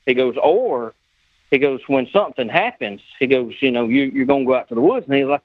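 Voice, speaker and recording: A custom car builder appearing as a guest tells a long anecdote in casual conversation, animatedly acting out the dialogue of the people involved. He speaks at medium pitch and a little fast, on narrow, tinny audio with no room sound.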